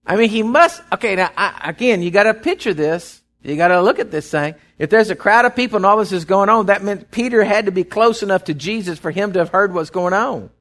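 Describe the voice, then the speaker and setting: A man's voice: sits high, lively intonation, brisk, hardly any pauses, a bit bright. A man, a pastor preaching a sermon in a conversational way, retelling scripture and often restarting his sentences. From Texas.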